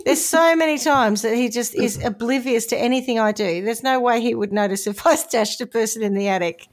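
Chatty woman storyteller, slightly high. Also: a little fast. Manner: chatty, jokey asides. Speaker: podcast host, storyteller. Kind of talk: casual comedic storytelling.

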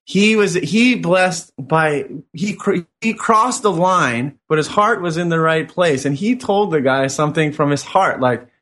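A man's voice: fairly high pitch, lively intonation, a little slow, hardly any pauses, a bit bright. A man co-hosting a spiritual talk show, telling a long story with lots of affirming yeses. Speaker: co-host.

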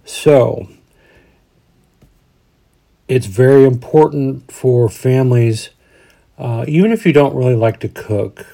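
Mellow-voiced man in his forties. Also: mid-range voice, slow pace, creaky, pauses often. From Colorado, USA. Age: 40s. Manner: rambling, restarts often, folksy. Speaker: podcast host. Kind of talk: casual chat.

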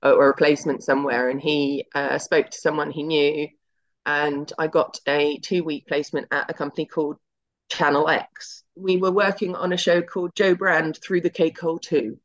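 A woman's voice: low voice, level tone, normal speed. A middle-aged woman, a TV executive guest, telling her story in a chatty, anecdotal way and acting out the dialogue. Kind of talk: casual interview storytelling. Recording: slightly muffled lo-fi audio.

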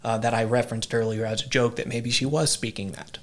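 A man in a casual conversation, explaining religious ideas in a measured way and often pausing to search for words. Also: mid-range voice, fairly even intonation. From southern Ohio. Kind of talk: casual conversation about faith.

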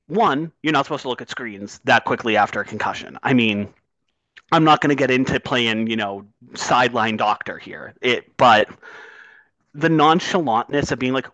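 A man's voice: medium pitch, normal speed, sharp tone, no room sound, poor audio. A man co-hosts a sports talk show and speaks with growing intensity, sometimes swearing as his point sharpens. His voice sits in an ordinary middle register. It is recorded close and dry, with almost no room sound. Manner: impassioned, swears when worked up. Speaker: podcast co-host.

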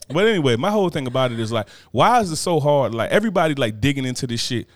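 Male co-host, loose animated chatter, swears freely, dead-dry sound. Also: mid-range voice, very fast, no echo. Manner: animated, profane, laughing asides. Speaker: podcast co-host. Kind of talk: casual banter.

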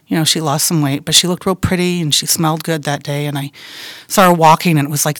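A middle-aged woman telling the story of her daughter in an interview, talking softly and haltingly, often trailing off into a quiet voice. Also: low-pitched, dry recording, studio quality. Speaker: guest, bereaved mother.

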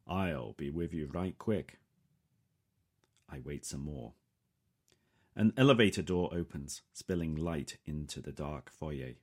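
A man reading a first-person story in a calm, measured way. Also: rumbling low. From England. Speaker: audiobook narrator. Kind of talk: scripted first-person narration.

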